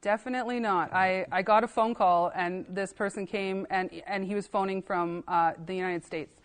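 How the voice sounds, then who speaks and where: A woman, an assistant archivist, chatting on a podcast and telling lively anecdotes, acting out the dialogue with laughs and fillers. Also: mid-range voice, moderate pace. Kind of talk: casual podcast storytelling.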